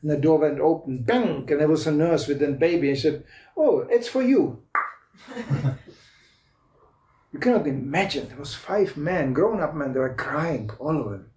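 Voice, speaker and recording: A man in his fifties tells personal stories in a spiritual lecture, chuckling often and circling back over his own half-finished phrases. His voice sits a little high but sounds mellow and unhurried. The room around him is echoey, like a small club hall. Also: recorded from a distance, slight background noise. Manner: storytelling, laughs often, halting restarts. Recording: roomy hall echo.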